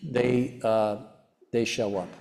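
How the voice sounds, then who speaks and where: Speaking with a fairly low pitch, a steady tone and vocal fry, a foundation chairman tells a personal story on stage in interview. His delivery is sincere and halting, with frequent restarts and moments where he becomes very quiet.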